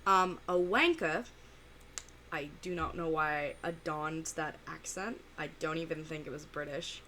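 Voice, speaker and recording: A woman giving casual, rambling reaction commentary full of fillers and pauses. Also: sits low, steady tone, sharp tone, a little hiss or hum. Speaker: reaction video host.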